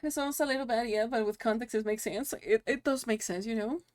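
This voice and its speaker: A woman live-streaming and chatting casually to her viewers, emotional and quick to laugh, swearing freely. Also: a little high, darkish tone, dry recording. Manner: talks to her chat directly. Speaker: livestream host.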